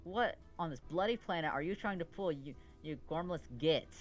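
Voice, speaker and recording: Man doing a raised-pitch British schoolgirl, haughty, snappish, game read. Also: normal speed, faint music behind, natural voice. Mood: furious. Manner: prim, snapping into insults.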